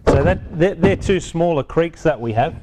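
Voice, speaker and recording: A man's voice: a little high, animated, moderate pace, background noise. Chatty man demonstrating garden products. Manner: chatty, self-correcting, explains step by step while handling products. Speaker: product presenter. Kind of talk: casual hands-on product demonstration. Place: outdoors on a hot day.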